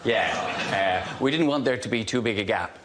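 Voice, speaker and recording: A man's voice: fairly low pitch, animated, moderate pace, noisy background. A man doing a dry, self-mocking stand-up routine on a TV panel show, with hesitant fillers. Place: TV studio with a live audience.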